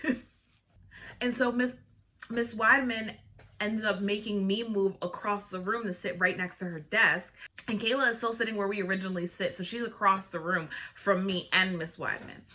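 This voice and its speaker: A young woman vlogger telling a casual storytime, animated and full of "like" fillers. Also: mid-range voice, moderate pace. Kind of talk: storytime vlog, casual chat.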